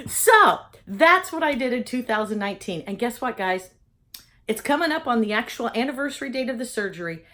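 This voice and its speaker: A woman's voice: fairly high pitch, fairly bright tone. An older woman giving a motivational vlog talk, exuberant and preachy, laughing often as she speaks. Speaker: inspirational vlogger.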